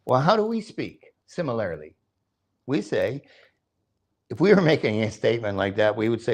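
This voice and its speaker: This older man's temple sermon comes in a medium-pitched, slightly mellow voice with big pitch swings, normal speed, and frequent pauses. He works through scripture, chants verses, questions his listeners, and chuckles at his own jokes between points.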